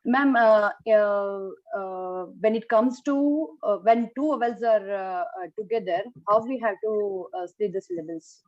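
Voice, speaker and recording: A woman's voice: mid-range voice, unhurried, few pauses, lo-fi sound. A woman asking a question in a teacher training call, hesitant with many fillers.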